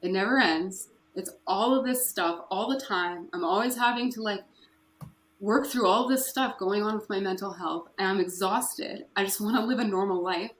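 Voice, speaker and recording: A woman's voice: medium pitch, normal speed. Woman, podcast guest, candid and emotional, echoey room recording. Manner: candid, emotional, with nervous laughs. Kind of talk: personal story in an interview. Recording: echoey room with faint noise.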